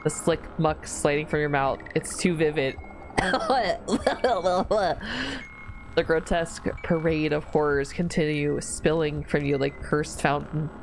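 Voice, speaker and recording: A woman streamer reading a horror visual novel aloud, slow narration broken by squealing, disgusted reactions. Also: deep voice, little pitch movement, gravelly, noisy background. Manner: reads narration slowly, then breaks into squealing disgusted reactions and laughs. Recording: faint music behind the voice.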